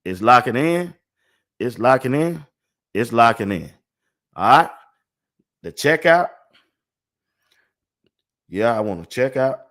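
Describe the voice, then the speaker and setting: A man's voice: medium pitch, big pitch swings, slow pace, pauses often, fairly bright tone. An older man hosting a casual sports talk livestream. He laughs often and repeats phrases over and over. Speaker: sports talk show host.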